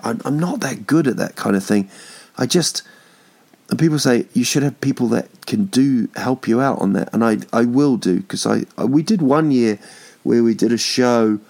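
A man's voice: mid-range voice, gravelly, a little mellow. A man in his thirties hosting a podcast from home, rambling through jokes with lots of ums and restarts. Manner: rambling, jokey, swearing, many ums and restarts. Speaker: podcast host. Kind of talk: casual comedic monologue.

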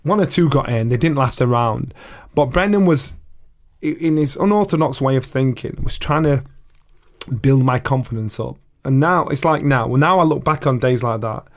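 A middle-aged man with an English accent, a guest telling a story in a relaxed interview, lively and acting out other people's voices. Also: medium pitch, moderate pace. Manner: animated, acts out voices of people in his stories, swears. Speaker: guest, retired boxer.

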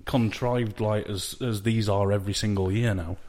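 A man's voice: on the low side, steady tone, moderate pace, darkish tone. A man with a Sheffield accent co-hosting a casual fan podcast, making dry, wry remarks. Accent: Sheffield English. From England. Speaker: podcast co-host. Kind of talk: casual banter.

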